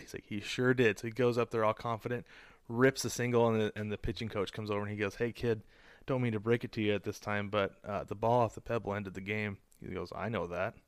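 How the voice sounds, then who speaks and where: A man in his thirties co-hosting a casual podcast, an animated storyteller who drops his voice to quote people. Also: fairly low pitch, quick pace, no room sound. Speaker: podcast co-host. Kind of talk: casual chat.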